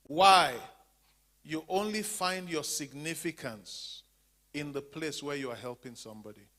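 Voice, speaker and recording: A man teaches a church class, pitching questions and pausing for the group to finish his sentences. His voice sits a little higher than most men's, and he repeats key words with emphasis. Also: bright, forceful tone. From Zambia. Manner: call-and-response questioning, leaves sentences open for the class to finish. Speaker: teacher of a faith-based women's class.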